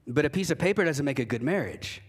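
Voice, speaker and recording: A pastor preaching a sermon in a church, talking conversationally and emphatically, acting out quoted voices, with frequent restarts. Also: male voice, fairly high pitch, animated, fast talker, breathy edge. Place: church sanctuary.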